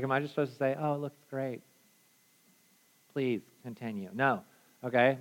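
A male pastor preaching a conversational sermon, candid and casual, dropping to quiet asides and then pushing to loud emphasis. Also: mid-range voice.

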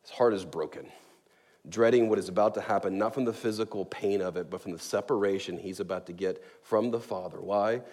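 A man preaching a sermon as a pastor, earnest and emphatic, slowing down to stress key words. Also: low voice, a little mellow. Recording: long reverb of a large hall.

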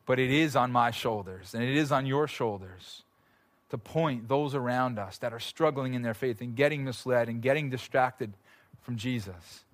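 A man's voice: medium pitch, normal speed. A man preaching a conversational, earnest sermon in a church, telling personal stories and at times swelling into intense, pleading prayer. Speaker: pastor. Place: church sanctuary.

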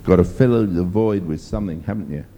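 Low dark preacher guy, emphatic rambly sermon, faint rumble behind. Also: a little fast. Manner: emphatic, rambling storytelling with fillers.

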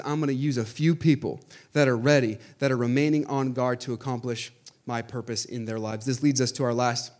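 A male pastor preaching a sermon, moving from quiet teaching to loud, urgent exhortation and calling out "hey" to the congregation. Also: medium pitch.

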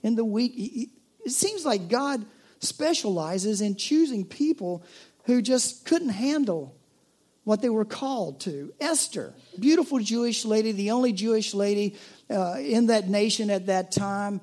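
A pastor preaching a sermon in a conversational way, with jokey asides and a softer, earnest tone at times. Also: medium pitch, lively intonation, measured pace.

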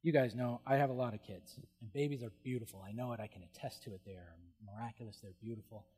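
Animated male pastor in a reverberant hall. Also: mid-range voice, fast talker, husky. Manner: animated, humorous, exclaims "whoa". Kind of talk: sermon. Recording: long reverb of a large hall.

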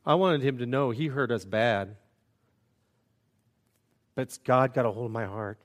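A man's voice: mid-range voice, a little slow. A man preaching a sermon as a pastor, earnest and conversational, with self-deprecating asides.

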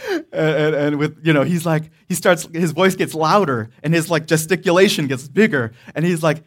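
A male pastor with a voice that sits somewhat high delivers his sermon at a moderate pace. It unfolds as a loose personal story, full of rambling, restarted sentences and bursts of laughter.

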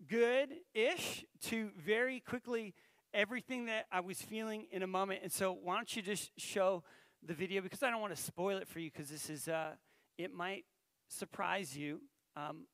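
Male pastor, high voice, dry close sound, chatty storytelling sermon. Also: a bit bright, dry recording. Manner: conversational, storytelling, asks the audience questions.

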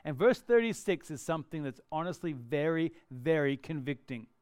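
Male pastor, chatty animated sermon delivery, smooth resonant higher voice. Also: normal speed, no echo, clean studio sound. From Australia. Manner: conversational, animated preaching with acted-out asides.

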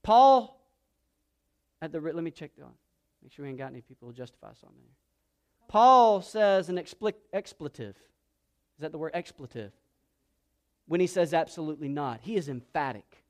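A man's voice: a little high, very animated, normal speed, pauses often. A male pastor preaching a sermon, reading scripture and asking the congregation questions to fill in. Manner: preaching with rising emphasis and call-and-response questions.

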